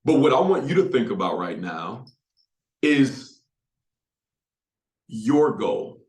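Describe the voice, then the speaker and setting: A man speaking as a motivational speaker, leading a guided visualization with drawn-out pauses and repeated phrases. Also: medium pitch, big pitch swings. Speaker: motivational speaker for insurance agents. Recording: echoey room.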